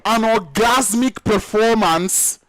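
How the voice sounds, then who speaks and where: High-voiced guy casting esports live, yoruba native, super hyped gushing play-by-play, dry close sound. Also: slow, dry recording, rough recording. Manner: excitable, exclamatory, gushing. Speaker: esports caster.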